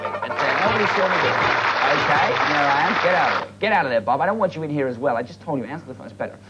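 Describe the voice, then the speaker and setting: A man's voice: on the high side, lively intonation, racing, over loud music, over a noisy crowd, poor audio. A man doing comedy, telling a mock-eerie tale and hosting a silly game show with brash patter. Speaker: comedy sketch host.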